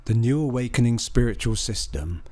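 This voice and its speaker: A man calmly and earnestly presenting a spiritual healing course in an instructional video. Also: medium pitch, normal speed, no echo.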